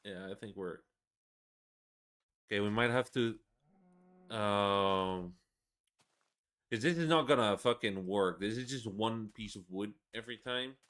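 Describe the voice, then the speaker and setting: Twenties male gamer, lowish voice, loose sweary ranting commentary. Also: measured pace, pauses often, fairly bright tone. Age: 20s. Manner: rambling, swearing, laughing ranting. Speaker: gaming video creator. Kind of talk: casual gameplay commentary.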